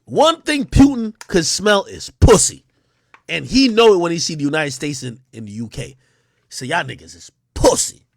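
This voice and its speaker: A man rants on a livestream in a loose, profane way and breaks into mocking impressions. His voice sits high and swings wildly in pitch. The sound is dry and close, with no room around it. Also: sing-song, moderate pace, creaky, dry recording. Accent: New York. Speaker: livestream host. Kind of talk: unscripted livestream rant.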